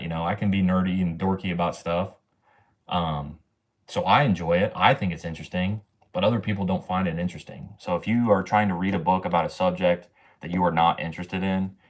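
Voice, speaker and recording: Young male streamer in his twenties, very low voice, casual and cussing, bro-heavy slang. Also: steady tone, fairly quick. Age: 20s. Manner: slangy and profane, says bro and man a lot. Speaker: livestream host. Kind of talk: casual livestream chat.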